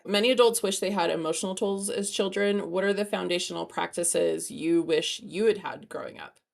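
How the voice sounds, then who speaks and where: A woman's voice: on the low side, normal speed, gravelly. A woman hosting an interview, encouraging and asking her guest questions. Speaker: host. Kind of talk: interview host.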